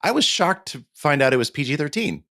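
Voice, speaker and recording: Pitched fairly high and talking a little fast, a middle-aged man co-hosts a podcast, spinning lively stories and performing other people's lines. It's studio-quality audio without any room sound.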